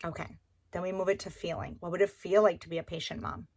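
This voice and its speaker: A woman's voice: on the low side, fairly even intonation, fast talker, darkish tone. Encouraging woman coach talking casually. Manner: conversational, often checking in with "okay?"; encouraging and repetitive. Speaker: online course coach. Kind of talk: recorded course lesson.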